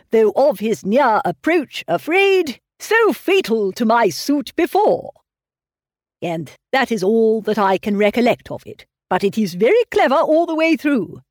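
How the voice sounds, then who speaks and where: A woman puts on a fretful, fussy old gentleman in a storybook reading, his worried, plaintive voice swinging up and down in lively turns. His lines are often drawn out slowly, and the sound is dry and close. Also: high-pitched, no room sound, pitched above the performer's own voice, exaggerated voice. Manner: plaintive, sighing, fussing over family. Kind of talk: audiobook reading of a classic novel.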